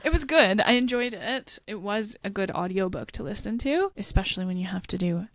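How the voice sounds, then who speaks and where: A woman's voice: medium pitch, animated, fairly quick, fairly bright tone, no echo, clean studio sound. A woman co-hosting a book podcast, chatting casually and animatedly, laughing often. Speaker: podcast co-host.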